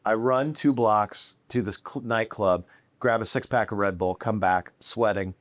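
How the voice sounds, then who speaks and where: A man, a restaurateur and guest, telling animated anecdotes in casual conversation in a restaurant. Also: fairly low pitch, a little slow, no room sound. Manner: animated anecdotes, mimics celebrities in a raised voice. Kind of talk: casual storytelling.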